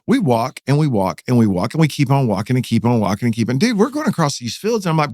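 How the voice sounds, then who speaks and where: A middle-aged pastor with a Texan accent tells a story on a podcast. His delivery is dramatic and his pitch swings widely. The sound is close and dry. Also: quick pace, few pauses, dry recording. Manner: animated, dramatic retelling with rising excitement. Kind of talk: casual storytelling in a podcast interview.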